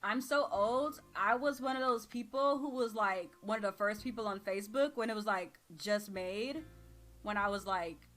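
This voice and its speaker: A woman's voice: mid-range voice, normal speed, a bit bright. A tired woman in her thirties with a Texas drawl, chatting casually on a live stream in a slangy, laid-back way while she reads the chat aloud. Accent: Texan.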